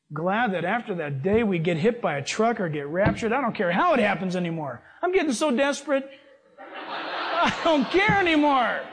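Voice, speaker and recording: A man preaching a sermon, reading scripture and telling personal stories in a lively, animated way. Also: sits high, slightly rough. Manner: animated, acts out voices in his stories.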